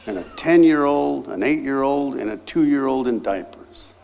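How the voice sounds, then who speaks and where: A man's voice: mid-range voice, normal speed, gravelly, slight background noise. A man in his sixties, a guest pastor telling a personal story in a sermon and acting out the other people's lines. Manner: animated, acts out voices in his anecdotes.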